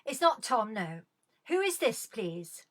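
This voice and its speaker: A woman's voice: a little high, big pitch swings, takes it slowly, slight background noise. A middle-aged woman hosting a live-streamed comedy chat from home, taking calls with bawdy, sardonic, swearing banter into a webcam.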